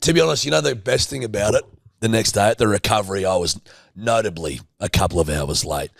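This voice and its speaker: Gravelly man telling a story. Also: on the low side, fast, dry recording, clean studio sound. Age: 30s. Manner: swears heavily, animated storytelling. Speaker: podcast co-host. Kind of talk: casual chat.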